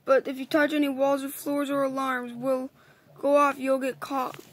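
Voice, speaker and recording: A woman voicing a bossy female spider hacker, reading the lines aloud haltingly with restarts, in a high voice. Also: flat delivery, natural voice. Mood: explaining, bossy.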